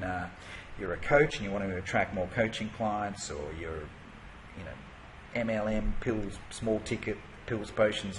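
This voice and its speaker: A man's voice: fairly low pitch, a little hiss or hum, poor audio. Chatty male marketing coach. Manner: conversational, rhetorical questions, frequent fillers. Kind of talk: online course lesson.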